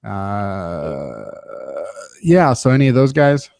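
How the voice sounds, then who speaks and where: A man's voice: lowish voice, big pitch swings, slow pace, creaky, a little mellow, dry recording. A man hosting a sports podcast, chatting casually in a loose, self-deprecating way with lots of "uh" fillers. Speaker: podcast host.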